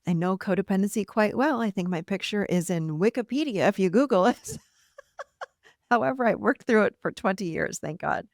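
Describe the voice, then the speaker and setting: A middle-aged woman hosting a podcast alone, talking casually and encouragingly, and she breaks into lively quoted voices. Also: medium pitch, moderate pace, no room sound, studio quality. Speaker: podcast host and therapist. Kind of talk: casual solo podcast talk.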